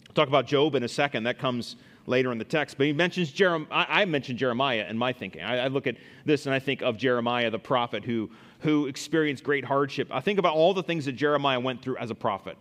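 A middle-aged male pastor preaching a sermon, animated, rising loud for emphasis and acting out scoffing listeners. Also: medium pitch, fast.

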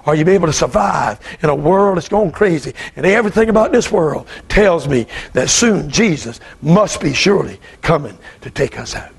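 Preacher guy, high gravelly voice, shouting fired-up sermon. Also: expressive, normal speed, few pauses, a little hiss or hum. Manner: fervent, shouting, repetitive calls. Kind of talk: revival sermon.

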